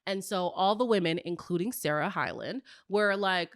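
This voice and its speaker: A woman hosting a casual, gossipy recap show, telling stories in an animated way with playful hushed asides. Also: moderate pace, few pauses, no room sound, clean studio sound. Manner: animated storyteller, acts out quotes with big pitch jumps. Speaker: host of a reality TV recap show.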